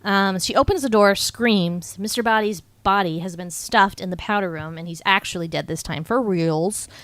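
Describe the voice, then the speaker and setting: A young adult woman co-hosting a podcast, casually recapping a film and acting out characters' lines in quick put-on voices. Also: medium pitch, fairly bright tone, no room sound. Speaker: podcast co-host.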